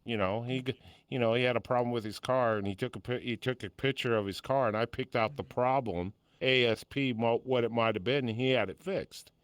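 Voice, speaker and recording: A man's voice: mid-range voice, a little fast, clean tone, no echo. An older man co-hosting a podcast, chatting bluntly and telling stories, with casual swearing. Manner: blunt, swears freely, storytelling.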